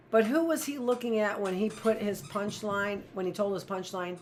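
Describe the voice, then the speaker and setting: A woman's voice: mid-range voice, normal speed, few pauses, a little hiss or hum. A woman teacher reading a novel aloud in a plain, first-person storytelling voice.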